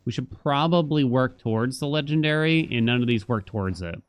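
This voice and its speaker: A man's voice: medium pitch, expressive, brisk, clear, resonant tone, dry recording. A young man casually commenting on his gameplay, thinking aloud and chatting about his life between moves. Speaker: gaming streamer.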